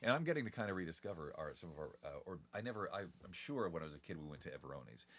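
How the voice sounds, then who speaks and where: A middle-aged man from Southern Ohio with a faint Appalachian accent and a deep, gravelly, slightly congested voice, chatting in a relaxed, rambling way as an interview guest. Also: rapid-fire. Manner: relaxed, rambling storyteller with chuckles. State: a bit congested. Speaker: guest, TV announcer. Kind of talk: casual interview chat.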